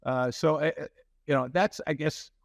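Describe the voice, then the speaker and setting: A man's voice: on the high side, normal speed, gravelly, no echo, studio quality. A man, a company CEO, telling a story in an interview with many fillers and restarts, acting out quoted lines.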